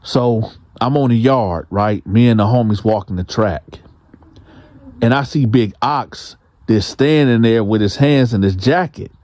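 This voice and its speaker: A man's voice: medium pitch, a little slow, darkish tone, no room sound. A man telling a prison story in a casual, slangy way as the host. He acts out the quotes.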